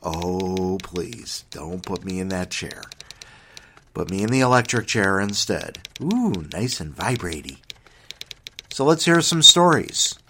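Low theatrical man, spooky intro. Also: sing-song, slow, sharp tone, slight background noise.

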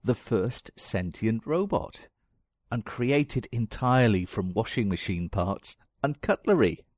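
A man voicing a proud elderly grandfather who invents things, exclaiming with excitement. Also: sits low, unhurried, no echo. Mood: triumphant.

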